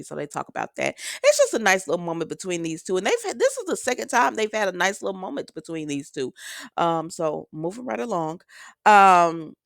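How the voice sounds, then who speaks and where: A woman's voice: lowish voice, no echo, studio quality. A woman casually recapping a soap opera episode, chatting straight to her viewers and acting out the characters' lines in a loose, conversational way.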